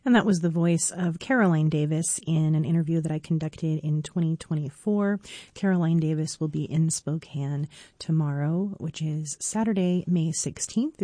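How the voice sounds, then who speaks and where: A woman radio host introducing music and recalling an interview, in a measured, announcer-like delivery. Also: low-pitched, dark tone, no echo, clean studio sound. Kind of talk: interview questions and broadcast links.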